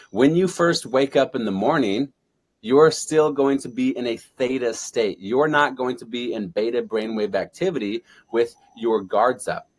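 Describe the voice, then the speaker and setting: A man's voice: mid-range voice, darkish tone, breathy edge. A man speaking as a guest on an interview show, fervent and preaching, with repeated affirmations. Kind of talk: motivational interview talk.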